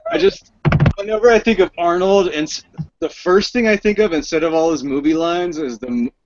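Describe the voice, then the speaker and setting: A man's voice: high voice, brisk, dry recording, dull audio. A man in casual chat on a podcast, wisecracking and laughing often.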